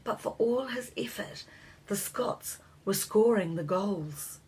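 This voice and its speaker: A woman reading a children's storybook aloud as narrator, gently lifting her voice for the characters' lines. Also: medium pitch, lively intonation, slow, breathy edge, rough recording.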